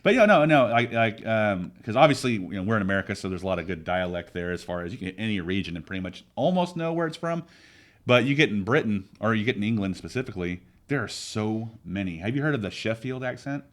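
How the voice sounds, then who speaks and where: A somewhat low-voiced man co-hosting a casual podcast. He rambles through his opinions and keeps restarting his sentences. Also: lively intonation, fast. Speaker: podcast co-host. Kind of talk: casual chat.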